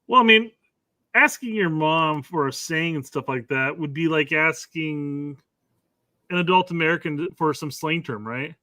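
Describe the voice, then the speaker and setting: A man trading dry, teasing quips in casual podcast chat. His voice is bright and sharp, and it sounds dry and close to the mic with no room around it. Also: on the high side, unhurried, no room sound. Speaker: podcast co-host.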